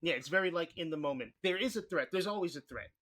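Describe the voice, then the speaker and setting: A man from New York talking candidly as a podcast guest, in quick bursts and with casual swearing. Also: on the high side, animated, bright, forceful tone. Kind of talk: conversational interview.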